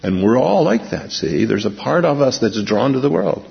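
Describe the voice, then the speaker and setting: A man preaching a sermon as pastor, emphatic, slowing down to read scripture and pressing key points. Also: mid-range voice, very animated, vocal fry. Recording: muffled lo-fi with long hall reverb.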